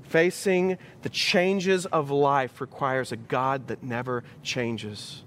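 A man's voice: medium pitch, steady tone, slow, a bit bright, a little hiss or hum. A male pastor preaching a sermon in an emphatic style, building his points through rhetorical repetition.

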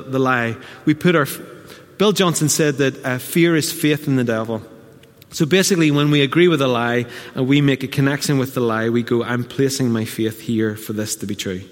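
A man preaching a conversational sermon, often slipping into quick quoted asides. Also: a little high, big-room sound. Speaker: pastor.

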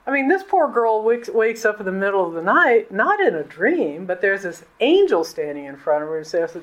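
A woman's voice: big pitch swings, normal speed, hardly any pauses, low-quality recording. Casual, colloquial woman pastor. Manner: casual, colloquial, pitch often jumps up. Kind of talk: conversational sermon.

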